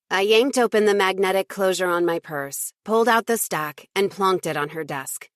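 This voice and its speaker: A woman reading a first-person audiobook in an even, lightly wry storytelling voice. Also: lowish voice, normal speed, hardly any pauses, no echo, clean studio sound. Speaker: audiobook narrator.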